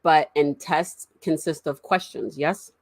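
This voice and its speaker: A woman in casual conversation, a parent telling animated stories and acting out the voices of the people in them. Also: sits low, takes it slowly, no room sound. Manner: animated storyteller, acts out quotes.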